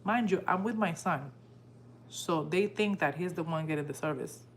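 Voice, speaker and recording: Broadcasting live from her home, a woman with a fairly low voice recounts a story at a moderate pace, with a bit of background noise. She's casual and emotional, animatedly acting out people's dialogue.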